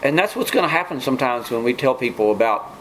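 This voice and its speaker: A man's voice: mid-range voice, expressive, quick pace, a bit bright, slight background noise, low-quality recording. A man preaching a sermon in an earnest way, often restarting phrases and mimicking scoffers. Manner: earnest, repetitive restarts, mock-quotes scoffers.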